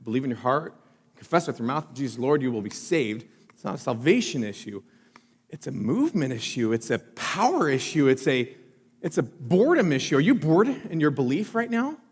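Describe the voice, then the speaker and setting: A man's voice: medium pitch, very animated, normal speed, husky, in a large hall. A man preaching a sermon in a church, talking conversationally and asking the congregation questions. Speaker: pastor. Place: church sanctuary.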